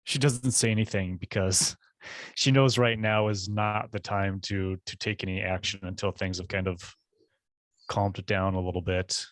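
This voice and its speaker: A man playing a tabletop game over a video call, narrating his character in a halting way. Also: sits low, steady tone, no room sound. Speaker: player.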